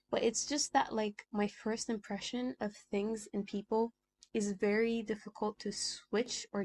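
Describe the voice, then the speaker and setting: A woman's voice: mid-range voice, darkish tone, slight background noise. A woman of about twenty chatting casually to camera, full of fillers and checking for agreement as she talks. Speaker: vlogger.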